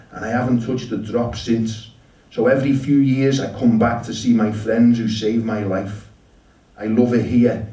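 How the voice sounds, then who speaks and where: A man's voice: medium pitch, mellow, dull audio, lightly acted. A man voicing an overfriendly middle-aged American who is sober for years, talking in a raised, familiar, upbeat way. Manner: upbeat, familiar, calls people buddy and dude. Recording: roomy shop, mic at a distance.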